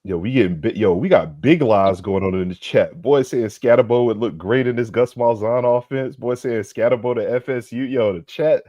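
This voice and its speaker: A man's voice: medium pitch, normal speed, hardly any pauses, no room sound, clean studio sound. A man co-hosting a sports talk show, trash-talking in slang and reading viewer comments aloud. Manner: loud laughing banter, slangy trash talk. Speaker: podcast co-host reading the chat. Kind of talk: casual sports chat.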